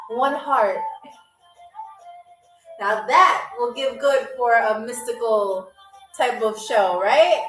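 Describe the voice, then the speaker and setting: Female live-stream game show host, high-pitched, unhurried, teasing, echoey room. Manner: playful, teasing chat with viewers.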